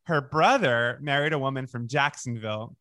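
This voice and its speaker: A man's voice: medium pitch, moderate pace, pushed and bright, no echo, studio quality. A man hosting an interview, curious and conversational, with lots of "like" in his questions. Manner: curious, conversational, many "like" fillers. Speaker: podcast host. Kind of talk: casual interview chat.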